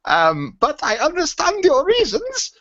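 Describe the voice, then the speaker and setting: Name: German listener. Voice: squeaky German accent, a high male voice, sing-song, slow, dull lo-fi. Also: huge pitch swings, crowd noise, heavily acted. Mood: mocking.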